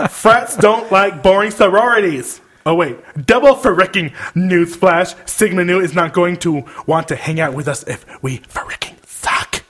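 A man's voice: sits high, measured pace, a bit bright. A young man on a casual podcast, reading an email aloud with mock outrage and breaking into laughter between lines. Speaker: podcast co-host.

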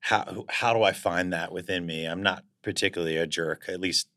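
A man's voice: low voice, fairly even intonation, brisk, pushed and bright. A man being interviewed as a guest actor, talking in a reflective, casual way and searching for words as he goes.

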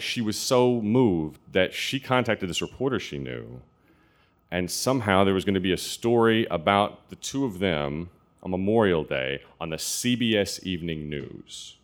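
A man telling a true personal story in an earnest, confessional way, with halting restarts. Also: low voice.

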